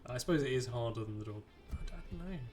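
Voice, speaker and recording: A man in an easygoing gameplay stream, his pitch sitting right in the middle. He rambles along and chats with the characters on screen. Game music plays clearly underneath him. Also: animated, quick pace, darkish tone. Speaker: streamer playing a video game. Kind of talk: casual live gameplay commentary.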